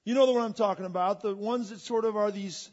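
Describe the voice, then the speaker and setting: A man preaching a sermon as a pastor, leading a prayer and then telling joking, animated stories. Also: high-pitched, fast, lo-fi sound.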